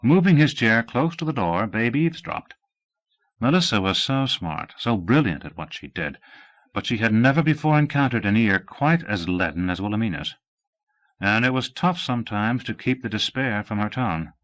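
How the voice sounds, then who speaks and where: Expressive male audiobook narrator. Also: lowish voice, normal speed. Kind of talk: scripted narration.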